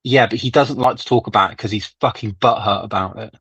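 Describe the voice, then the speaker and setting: Casting: mid-pitched man, teasing and profane, heard through a slightly dull, dry mic. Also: fast, a bit bright, breathy edge, no echo. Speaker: livestream co-host. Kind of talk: casual chat.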